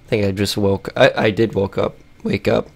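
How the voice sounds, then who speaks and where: A man YouTuber with a raspy, cracking voice, rambling through a casual vlog while he plays a game, with lots of fillers and restarts. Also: on the low side, steady tone, moderate pace, darkish tone. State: raspy, voice cracking after a long break.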